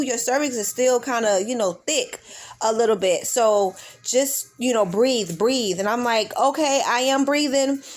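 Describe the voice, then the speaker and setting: A woman in her thirties casually telling a birth story to her viewers, acting out the voices of the people in it. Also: a little high. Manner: animated retelling, acting out her own pleas. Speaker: vlogger.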